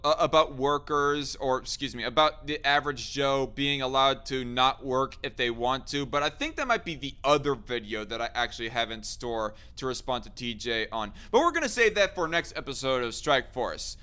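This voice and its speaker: Bright, crisp-voiced man hosting a stream. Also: mid-range voice, normal speed, few pauses. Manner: laughs often, reads chat comments aloud. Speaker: streamer host. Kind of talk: casual live-stream chat.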